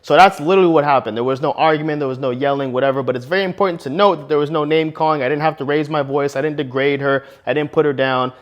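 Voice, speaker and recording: Young male vlogger, quick slangy advice delivery, tosses in "bro" a lot. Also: a little high, muffled recording. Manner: slangy, punchy, fillers like bro and man. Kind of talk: casual advice talk with storytelling.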